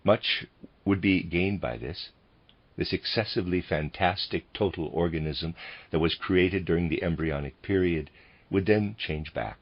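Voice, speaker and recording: Audiobook reader: a man with a very low, husky voice, measured, on a dull lo-fi recording. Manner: measured, reads bracketed notes aloud. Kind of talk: reading lectures aloud.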